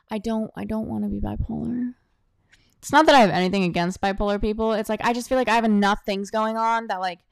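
A young woman talks through her solo podcast in a blunt, jokey, animated way, her voice smooth and clean. She keeps shifting around the microphone, so she swings between close and a bit farther off in a dry room. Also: mid-range voice, dry recording. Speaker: podcast host. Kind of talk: casual solo podcast monologue. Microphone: desk microphone, voice drifting near and far.

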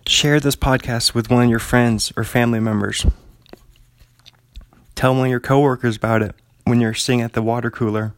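A man's voice: medium pitch, no echo. A man hosting a casual solo podcast from his apartment, rambling in a laid-back way with lots of fillers. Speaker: podcast host. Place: home apartment.

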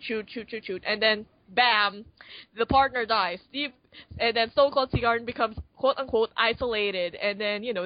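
In a lo-fi recording without echo, a female podcast co-host talks informally about a film, rambling with many fillers and restarting her sentences. Her voice is on the high side.

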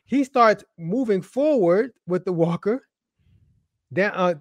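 A man's voice: high voice, expressive, takes it slowly, no echo. A man co-hosting a casual show, telling stories about church videos in an amused way and laughing often. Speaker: co-host.

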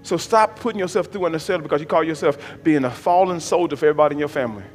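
A male preacher delivering a sermon. He swings from low murmurs to shouted, drawn-out exhortation and repeats phrases in a rhythmic preaching cadence. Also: long reverb tail, soft background music. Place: church hall.

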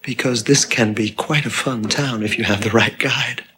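An actor playing a vain, smarmy male asylum doctor who talks in a smooth, condescending and flirtatious way. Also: mid-range voice, moderate pace, sharp tone, a little hiss or hum, natural voice. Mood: smug. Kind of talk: film dialogue.

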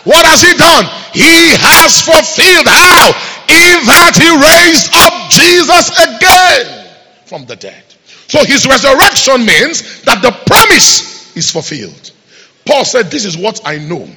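Male preacher, husky and bright, recorded in a reverberant church hall. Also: high-pitched. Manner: emphatic call-and-response preaching. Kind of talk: sermon.

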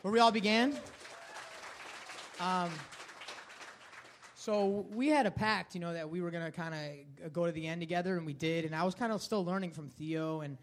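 A man co-hosting a live podcast in a comedy club, excitable and swearing a lot, with sudden loud outbursts. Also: high-pitched, moderate pace, pauses often, some chatter behind. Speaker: podcast co-host.

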